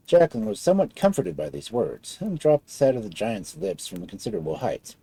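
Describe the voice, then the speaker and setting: Gravelly man reading a fairy tale. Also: fairly quick, hardly any pauses, no echo, low-quality recording. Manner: expressive storybook reading with wide swings in pitch. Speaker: storyteller.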